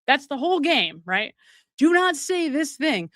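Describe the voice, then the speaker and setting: A woman hosting a true-crime commentary stream, her fairly high voice swinging widely in pitch as she presses her points. She keeps turning to viewers with rhetorical questions, and the sound is close and dry. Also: very animated, measured pace, fairly bright tone, no room sound. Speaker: show host.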